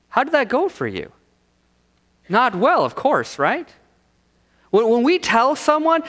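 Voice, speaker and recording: Animated preacher in a reverberant hall. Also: male voice, very high voice. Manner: animated preaching, rhetorical questions, dramatic pauses. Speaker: pastor. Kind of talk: sermon. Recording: long reverb of a large hall.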